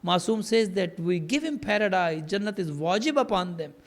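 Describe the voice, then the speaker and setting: A man's voice: high voice, animated, moderate pace. A man preaching an impassioned mourning sermon, telling stories and building to fervent, grief-laden emphasis. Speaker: maulana preaching at a mourning gathering.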